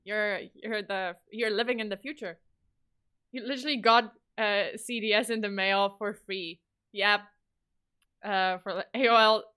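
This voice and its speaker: A woman's voice: medium pitch, steady tone, measured pace, bright, forceful tone, smooth. A woman in her thirties from Poland chatting casually on a livestream, rambling, swearing and laughing often. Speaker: streamer.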